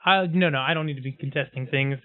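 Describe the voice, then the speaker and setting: A man's voice: mid-range voice, quick pace. A man playing a tabletop game, joking and laughing along with the table. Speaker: player. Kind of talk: casual tabletop play. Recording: tinny call audio.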